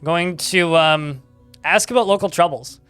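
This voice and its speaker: A man's voice: a little high, unhurried, fairly bright tone, clean tone, no room sound, soft background music. A man giving casual live gameplay commentary, chatting, reading game text aloud and swearing casually. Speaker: game streamer.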